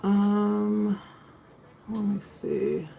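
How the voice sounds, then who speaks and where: A woman's voice: mid-range voice, drawn-out words, vocal fry, warm tone, slight background noise, rough recording. A woman hosting a live tarot stream, chatting casually and greeting viewers by name.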